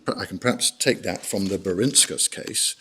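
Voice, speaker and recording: Brief: male barrister, lowish voice, measured courtroom submissions, formal and orderly. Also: sharp tone, husky. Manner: measured, formal, guides the bench through documents. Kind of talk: courtroom legal argument. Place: court hearing room.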